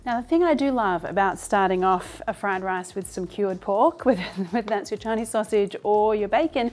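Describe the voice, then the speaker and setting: A woman's voice: mid-range voice, moderate pace, darkish tone. A woman in her thirties hosting a cooking show from her home kitchen. She talks casually and enthusiastically through the recipe and laughs often.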